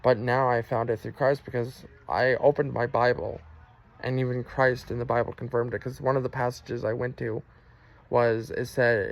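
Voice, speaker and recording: A man's voice: medium pitch, creaky, poor audio. A man telling his personal faith testimony in an earnest, emotional way. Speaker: Christian testimony vlogger.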